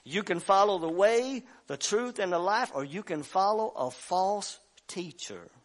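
A man preaching a sermon as pastor of a church, acting out the voices of the story and rising at times to shouts. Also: high-pitched, expressive, unhurried. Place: church sanctuary.

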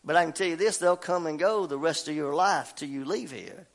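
A man preaching a sermon to a church congregation, fervent and rhythmic, swinging between shouted climaxes and quiet, low asides and calling out to the crowd for response. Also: a little fast, creaky. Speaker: pastor. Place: church service.

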